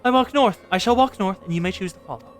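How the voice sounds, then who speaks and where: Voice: mid-range voice, fast talker, natural voice. A streamer reading game dialogue aloud, voicing a mysterious robed man who speaks in archaic, ominous phrases.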